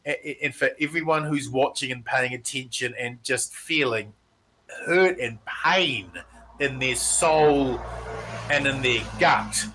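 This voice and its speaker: A man's voice: medium pitch, slow, bright, forceful tone, slight background noise, low-quality recording. A man with a New Zealand accent co-hosting a casual political chat, exasperated and rambling, laughing in disbelief. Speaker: podcast co-host.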